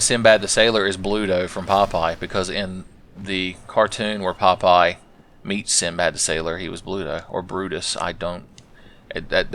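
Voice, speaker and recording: A man's voice: low voice, fairly bright tone, a little hiss or hum. A man hosting a let's play, rambling through profane, sarcastic gaming commentary. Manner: rambling, sarcastic, swears a lot.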